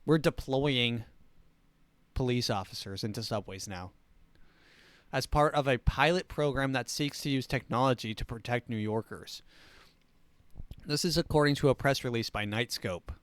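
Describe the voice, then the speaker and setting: A man's voice: medium pitch, moderate pace, pauses often, clear, resonant tone, no echo. A man hosting a comedy show, reading news items and riffing on them sarcastically. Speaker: show host.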